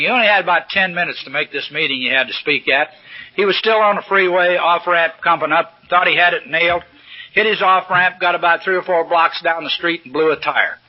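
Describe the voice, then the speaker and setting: An older man speaking at a recovery meeting, telling stories in a folksy, salty, humorous way from a podium. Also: sits high. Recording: dull lo-fi old recording.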